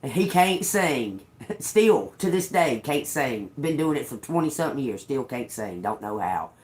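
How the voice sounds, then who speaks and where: A woman's voice: very deep voice, big pitch swings, unhurried, a little mellow. A woman in her fifties hosting a livestream, telling a rambling story with frequent laughter and casual swearing. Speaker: livestream host. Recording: echoey room.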